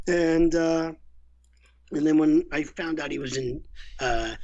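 Male guest voice actor, slightly high, candid storyteller; lo-fi muffled audio. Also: takes it slowly, a little mellow. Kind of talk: casual interview chat.

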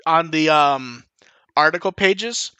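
A man hosting a podcast in casual chat, rambling and animated, swearing casually. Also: fairly high pitch, slow, clean tone, no echo. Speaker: podcast host.

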